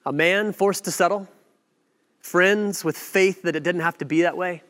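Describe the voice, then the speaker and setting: A man preaching a sermon, telling a story with lively acted-out quotes and asides. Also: sits high, normal speed. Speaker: pastor. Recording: long hall reverb.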